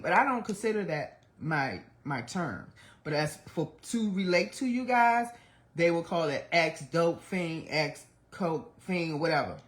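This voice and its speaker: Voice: medium pitch, a bit bright. A livestream host in their forties speaks in an open, confessional monologue. The delivery is blunt and emotional, peppered with swearing. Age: 40s. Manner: candid, blunt and heavily profane; emotional, speaks of trying not to cry.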